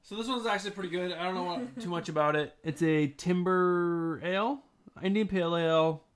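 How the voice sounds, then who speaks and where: A man's voice: sits high, brisk. A man co-hosting a beer and comics stream, running trivia questions with upbeat energy. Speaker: co-host and trivia quizmaster. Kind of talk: casual chat and trivia hosting.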